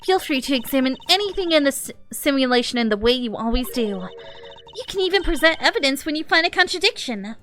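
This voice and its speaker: Perky young female thief, eager to help, high bright voice, voiced by a woman in a game fan dub. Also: animated, fast, soft background music.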